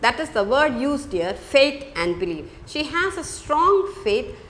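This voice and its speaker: Female teacher, fairly high and lively voice, emphatic and repetitive lesson delivery. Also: a little slow, slight background noise. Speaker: English teacher. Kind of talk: classroom lesson explaining a poem.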